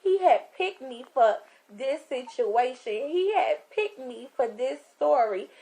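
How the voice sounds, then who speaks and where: Emotional high-voiced woman preaching slowly. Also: big pitch swings, warm tone, slightly rough. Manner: emotional, repetitive preaching with stammered restarts. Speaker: ministry speaker. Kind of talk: spoken testimony sermon.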